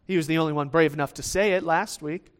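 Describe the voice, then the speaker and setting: A man's voice: fairly high pitch, fast talker, clean tone. A man preaching a sermon in a conversational way, often restarting phrases and checking in with the listeners with "right?". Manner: acts out the quoted lines of the disciples in lively voices.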